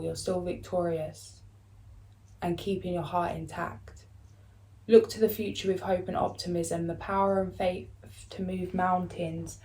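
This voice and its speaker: Calm low-voiced woman reading spiritual cards. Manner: calm, soothing, unhurried reading aloud. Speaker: spiritual card reader. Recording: echoey room, faint background noise.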